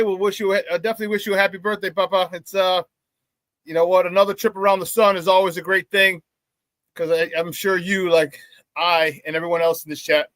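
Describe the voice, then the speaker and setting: Sports talk host, male, high-pitched, fired up and shouting out the chat. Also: no room sound. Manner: hyped, shouts out viewers, laughs often. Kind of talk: live sports talk show, reading chat.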